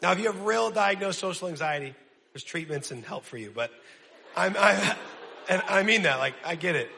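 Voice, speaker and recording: A male pastor preaches in a loose, energetic, joking way. His voice sits high and has a gravelly edge. A long hall reverb trails his words. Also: moderate pace, slight background noise. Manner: energetic, casual and self-deprecating. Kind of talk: sermon.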